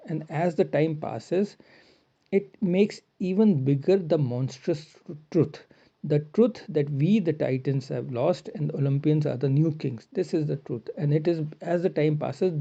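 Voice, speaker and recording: A man's voice: fairly high pitch, warm tone. A man teaching a poem, reading each verse line and then paraphrasing it in simple words. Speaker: literature teacher. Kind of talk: line-by-line poetry explanation. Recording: dull lo-fi recording.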